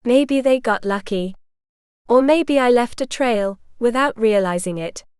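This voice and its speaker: A woman voicing a calm, seasoned male mercenary knight, speaking steadily and gently in a smooth voice. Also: fairly high pitch, measured pace, dry recording, clean studio sound, natural voice. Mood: steady.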